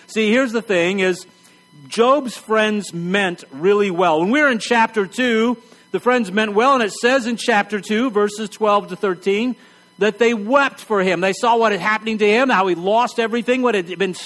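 High-voiced man preaching a wry, blunt sermon. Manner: conversational, wry and blunt, drops to a hush for emphasis.

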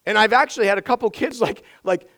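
A pastor preaching with a notably high voice and plenty of energy. He drives his points home by repeating key phrases, and his voice sounds a little strained from shouting the day before. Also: fast, low-quality recording. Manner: energetic, emphatic repetition. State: voice strained from yelling. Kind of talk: sermon.

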